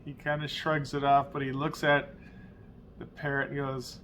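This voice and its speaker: A middle-aged man hosting a church video message, telling stories in an unhurried conversational way. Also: mid-range voice, monotone, a bit bright, slight background noise. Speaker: pastor and show host.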